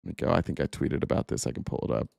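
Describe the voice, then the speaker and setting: A man's voice: very deep voice, racing, gravelly, darkish tone, no room sound, clean studio sound. Sarcastic male podcast host. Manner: sarcastic, mocking. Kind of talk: political commentary reacting to clips.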